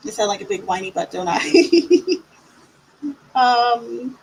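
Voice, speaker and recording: A woman's voice: a little high, lively intonation, takes it slowly, vocal fry, long pauses, a little mellow, a little hiss or hum, rough recording. A middle-aged woman giving live tarot readings on a stream, chatty and reassuring as she talks to viewers. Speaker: tarot reader.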